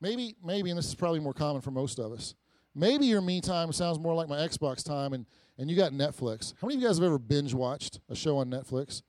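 A middle-aged man preaching a conversational church sermon, telling everyday stories with quick restarts and repeated words. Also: on the high side, dry recording. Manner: lively, storytelling, frequent restarts and repeats. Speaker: pastor.

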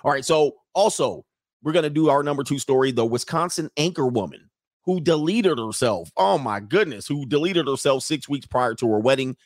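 A man hosting a casual live commentary stream, loud and joking, with slangy asides and drawn-out exclamations. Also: mid-range voice, lively intonation, no room sound, studio quality. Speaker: livestream commentary host.

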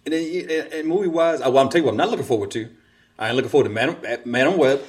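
A man's voice: mid-range voice, very fast, husky. A man co-hosting a casual podcast chat, laid-back and laughing often, trailing off and restarting his sentences. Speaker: podcast co-host.

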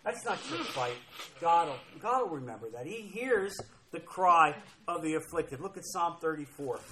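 A man's voice: on the high side, lively intonation, moderate pace, fairly bright tone, a little hiss or hum, rough recording. A man preaching a sermon, emphatic and repeating key phrases as he reads scripture aloud. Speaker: pastor.

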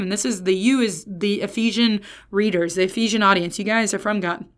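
A woman teaching Scripture in a relaxed, conversational way, at an ordinary pitch for her voice. She talks in bursts, stresses key words hard and often breaks off mid-sentence. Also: a little fast, few pauses. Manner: chatty, emphatic, self-interrupting. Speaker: Bible teacher. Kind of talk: casual Bible teaching.

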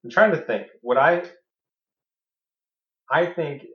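A man co-hosting a podcast, chatting casually about fantasy football with dry, deadpan teasing. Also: fairly high pitch, takes it slowly. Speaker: podcast co-host. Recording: echoey room, dull lo-fi sound.

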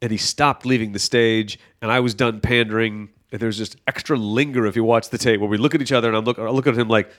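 A man's voice: fairly low pitch, fast talker, few pauses. A male stand-up comedian telling stories as a guest on a casual podcast, jumping into acted-out quotes as he goes. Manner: animated, jumps into acted-out quotes. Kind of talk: casual storytelling chat.

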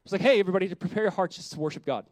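A male pastor preaching at a fast clip in a high, lively voice, throwing questions at his listeners and then sinking to a hushed tone for reflective points. The sound is dry and close, with almost no room echo. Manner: animated, rhetorical questions to the congregation; drops to a soft, quiet voice on reflective lines. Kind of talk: sermon.

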